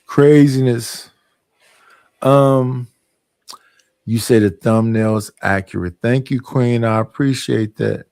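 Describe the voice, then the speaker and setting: A man's voice: mid-range voice, fairly even intonation, slow, vocal fry, long pauses, darkish tone, clear, resonant tone, no echo. A man co-hosting a morning talk show, joking and teasing casually. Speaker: co-host. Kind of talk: casual chat.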